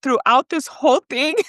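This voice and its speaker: A young adult woman from Mexico, a podcast guest telling her own story in a lively way with frequent laughter, dropping Spanish words into her English. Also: high voice, no echo. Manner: animated, laughs often, mixes in Spanish. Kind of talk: storytelling in an interview.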